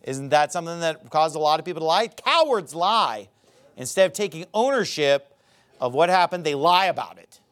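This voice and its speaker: Preacher, male, high voice with big swings, animated sermon delivery. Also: moderate pace. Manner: animated preaching, mocking acted quotes. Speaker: pastor.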